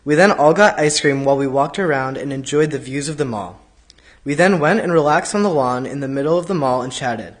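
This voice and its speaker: Brief: male congregant reading a prepared reflection, slightly high voice, steady. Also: fairly quick. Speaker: congregant giving a trip reflection.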